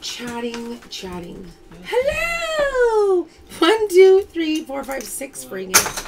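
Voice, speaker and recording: A woman's voice: a little high, very animated, slow, very noisy. A woman hosting a casual live-stream pearl sale from home, chatting and reading out viewer names as she calls results.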